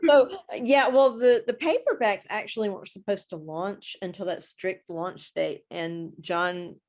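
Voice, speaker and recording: Guest author, female, slightly low voice, lively anecdotal delivery. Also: a little slow. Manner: animated storytelling, acts out her own reactions. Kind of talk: casual interview chat.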